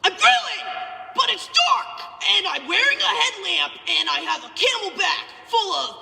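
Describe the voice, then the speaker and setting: A woman voicing a crude, boastful man in an over-the-top, slow comic declamation, in a reverberant live room. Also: very high voice, big pitch swings, gravelly, sharp tone, heavily acted. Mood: bragging. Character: crude boastful adult man, absurd bragging.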